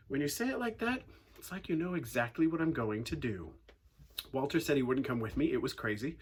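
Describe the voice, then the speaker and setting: A man giving a youth talk, telling a funny story with lively acted-out quotes before turning to a message. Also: fairly high pitch, breathy edge. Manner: animated storyteller, acting out quotes. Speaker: youth speaker.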